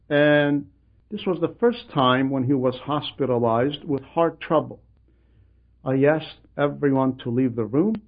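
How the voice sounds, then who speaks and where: A man earnestly retelling a monk's story to a gathering and voicing the people in it. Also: a little high. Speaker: religious storyteller addressing a gathering. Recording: dull lo-fi recording.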